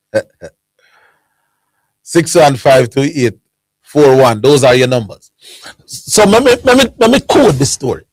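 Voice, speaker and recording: A man with a Jamaican accent hosting a sports call-in radio show, telling an animated anecdote in creole and chuckling often. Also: medium pitch, no room sound. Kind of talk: casual storytelling on call-in radio.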